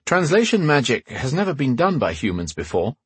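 A man reading an audiobook, voicing a defiant young male wizard with a breathy, raised voice. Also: mid-range voice, sing-song, fairly quick, no room sound. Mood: explaining. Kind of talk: audiobook character voice.

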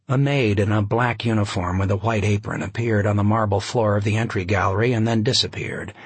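Male audiobook narrator, husky, low voice, very dry close sound, wry delivery. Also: fairly bright tone, no echo. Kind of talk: scripted narration.

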